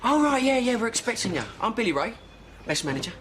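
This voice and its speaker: An actor playing a friendly firefighter who runs the mess, talking in a chatty, hurried way. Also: male voice, very high-pitched, very animated, noisy background.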